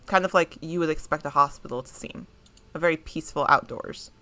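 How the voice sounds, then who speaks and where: Bright-voiced woman narrating as game master. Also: sits low. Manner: descriptive, halting narration with fillers. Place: home streaming setup.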